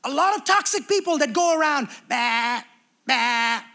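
High-voiced young male pastor preaching. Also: quick pace. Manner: lively, conversational preaching with acted-out quotes. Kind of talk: sermon.

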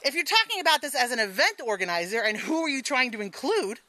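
High, bright-voiced woman telling a frank story. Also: very animated, quick pace, no room sound, poor audio. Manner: frank, profane and laughing. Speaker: storyteller and show host. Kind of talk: live stage storytelling.

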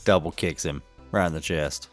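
A man's voice: very deep voice, moderate pace, faint music behind. A middle-aged man co-hosting a podcast, telling rambling stories with a chuckle in casual chat. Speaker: podcast co-host.

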